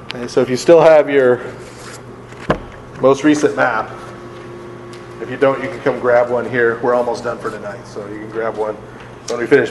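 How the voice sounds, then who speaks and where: A man's voice: mid-range voice, echoey room, long reverb tail, a little hiss or hum, rough recording. A man, a priest, leading a live Bible study for a group, conversational and often laughing, checking in with his listeners. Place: large hall with a live group.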